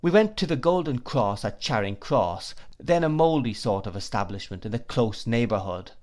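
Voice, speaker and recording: A man narrating a classic novel in the first person, reading at a measured pace. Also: medium pitch, expressive, a little mellow. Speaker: audiobook narrator.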